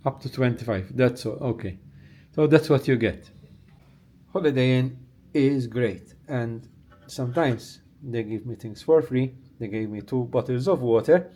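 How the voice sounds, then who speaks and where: A man's voice: medium pitch, unhurried, a little hiss or hum. Chatty Maltese man touring a hotel room. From Malta. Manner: chatty, relaxed, thinks aloud with fillers. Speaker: travel vlogger. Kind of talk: casual vlog room tour.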